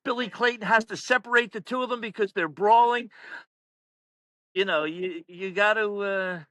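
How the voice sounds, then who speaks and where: A man, a powerlifting meet announcer, telling stories in casual chat, animated and laughing often. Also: high voice, moderate pace, dry recording. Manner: animated, laughs through stories, acts out quotes loudly. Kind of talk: casual storytelling.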